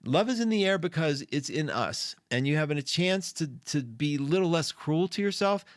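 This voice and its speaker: A man's voice: on the high side, lively intonation, moderate pace, no echo, studio quality. A middle-aged man hosting an astrology live stream from an indoor room, chatty and effusive as he greets viewers by name. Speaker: astrology show host. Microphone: studio mic.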